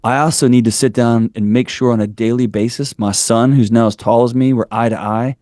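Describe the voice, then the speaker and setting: Speaking fairly quickly in a steady, darkish mid-range voice, this forties-aged podcast guest is frank and blunt, ramping up his arguments like a preacher as he tells interview stories. The studio-quality recording has no room sound.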